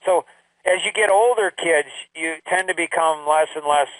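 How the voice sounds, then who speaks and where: An older man giving his grandchildren a rambling, emphatic life lesson, with sudden high exclamations. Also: moderate pace, a bit bright, dry recording, far from the mic, low-quality recording. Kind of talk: casual recorded talk to family.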